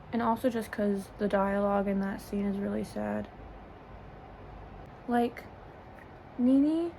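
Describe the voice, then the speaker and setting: A woman's voice: medium pitch, warm tone, slight background noise, low-quality recording. A young woman rambling and gushing about her celebrity crush in a casual get-ready-with-me vlog, filmed on a phone as if on a video call. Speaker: vlogger. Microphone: phone camera, as on a video call.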